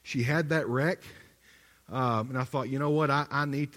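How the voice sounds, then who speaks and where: A man's voice: medium pitch, fairly even intonation, normal speed, a bit bright. A middle-aged man, a pastor preaching a sermon as a conversational story, with restarts and asides to the congregation. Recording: long hall reverb.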